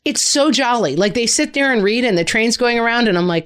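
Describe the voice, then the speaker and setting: Middle-aged woman co-host, chatty and animated, with a wide, bouncing pitch. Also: fairly quick. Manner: animated, jumps into high exclamations. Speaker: podcast co-host. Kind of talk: casual chat.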